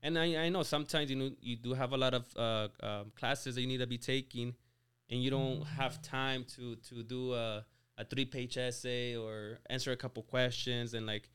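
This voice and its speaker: A man's voice: mid-range voice, steady tone, moderate pace, fairly bright tone, clean tone. A man in his twenties from Mexico, a podcast guest telling his story in a casual chat, full of "like" and "you know" and restarted words. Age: 20s. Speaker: podcast guest, auto shop owner.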